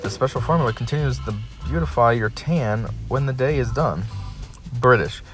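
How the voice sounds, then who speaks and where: A man's voice: mid-range voice, moderate pace, soft background music. A man hosting a casual solo video, reading dictionary definitions aloud and breaking off now and then to complain. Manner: reads definitions flatly, breaks off to complain and laugh.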